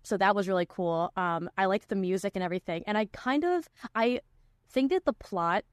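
A woman's voice: mid-range voice, moderate pace, no room sound, clean studio sound. A young woman hosting a podcast in casual chat, talking with lots of "like" fillers. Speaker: podcast host.

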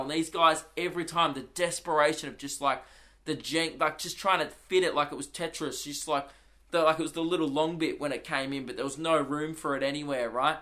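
A young Australian man hosts his podcast and tells loose, rambling stories peppered with swearing. His voice is slightly high and bright, with a forceful edge. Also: fairly even intonation, a little fast. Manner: rambling, swearing, anecdotal storytelling. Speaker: comedian and podcast host. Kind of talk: casual solo podcast chat.

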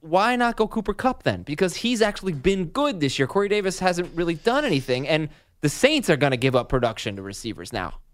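A man hosting a sports radio show, taking calls and moving the conversation along briskly. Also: on the high side, very animated, dry recording, clean studio sound.

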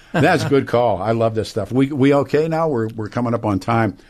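A man's voice: mid-range voice, normal speed, a little mellow. A man hosting a radio talk show, chatting casually with callers and guests and laughing often.

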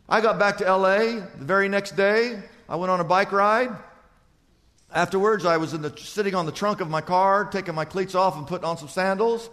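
Pastor guy preaching, tells stories, goes loud then real quiet, high voice. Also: a little fast. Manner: storytelling, swings from loud to hushed. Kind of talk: sermon. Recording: long hall reverb.

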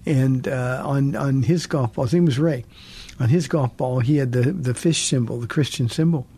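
A man's voice: medium pitch, normal speed, mellow, husky. A man in his sixties hosting a call-in radio Bible show, earnest and repeating words as he restarts. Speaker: radio pastor and call-in host.

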